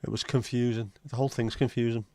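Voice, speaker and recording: A man's voice: medium pitch, flat delivery, fast, mellow, no echo. Blunt Scouse man chatting. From Liverpool, England. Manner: blunt, sweary banter aimed at the chat. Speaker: livestream host. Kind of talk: casual chat with viewers.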